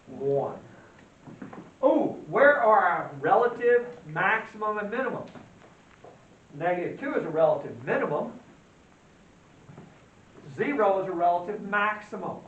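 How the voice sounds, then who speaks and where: A man with a high voice teaches a math class in a folksy manner, tossing questions at the room and answering them himself. He sounds far from the mic in an echoing classroom. The recording is dull and lo-fi, with a faint hiss underneath. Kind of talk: classroom lecture.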